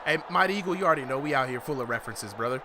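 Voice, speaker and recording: A man's voice: mid-range voice, lively intonation, rapid-fire. A man calling a boxing exhibition live as a commentator, full of slang and hype, often asking "you know what I'm saying". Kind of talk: live esports-style fight commentary. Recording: noisy livestream audio.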